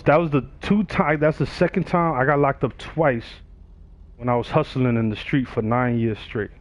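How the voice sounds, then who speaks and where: A man's voice: mid-range voice, no echo. A man, telling a story casually on his livestream and acting out the other people's voices. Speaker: livestream gamer. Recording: dull, dry sound.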